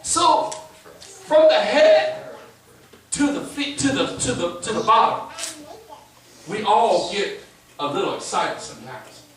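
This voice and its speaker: Animated pastor in echoey church. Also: male voice, high voice, a little slow. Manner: folksy, storytelling with quoted voices. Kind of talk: casual sermon talk. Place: church sanctuary. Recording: echoey church, distant mic, music behind.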